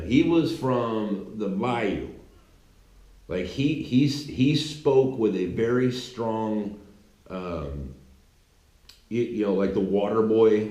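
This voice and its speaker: A man's voice: lowish voice, mellow. Rambling man in an echoey room. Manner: rambling, many restarts and filler words, mocking. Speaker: commentary channel host. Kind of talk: casual political commentary monologue.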